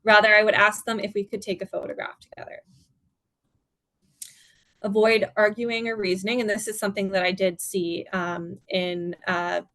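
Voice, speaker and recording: A woman presenting at an online seminar as a dementia care educator, giving calm, step-by-step guidance. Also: medium pitch, normal speed, no room sound. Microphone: video call.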